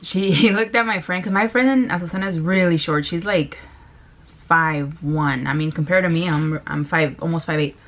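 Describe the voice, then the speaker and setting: A woman's voice: deep voice, normal speed. A young woman from Mexico telling a rambling, casual story while eating, swearing freely and laughing now and then. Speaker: vlogger.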